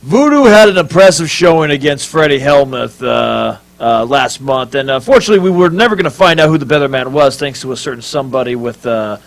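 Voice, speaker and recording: A man on a wrestling panel giving earnest picks, halting with many fillers. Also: mid-range voice, lively intonation, vocal fry, low-quality recording. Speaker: wrestling pundit. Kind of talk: panel commentary.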